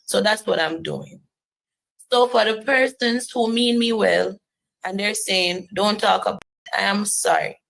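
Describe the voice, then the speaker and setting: Woman, mid-pitched and gravelly; earnest testimony, emphatic, repeats lines for weight. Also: unhurried, fairly bright tone, low-quality recording. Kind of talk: personal testimony to camera.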